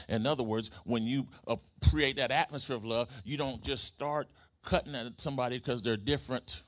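A man preaches a sermon at a middle pitch, building his points through rhythmic repetition. He calls out to the congregation and waits for them to answer back. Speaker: pastor.

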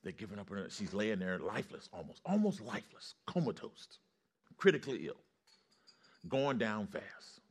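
A man preaching a sermon with call-and-response, his storytelling rising to loud excitement. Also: lowish voice, moderate pace.

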